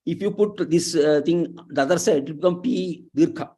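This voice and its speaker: A man teaching Sanskrit pronunciation, drawing syllables out slowly with many pauses and fillers. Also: on the high side, dark tone. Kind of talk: explaining slowly, letter by letter.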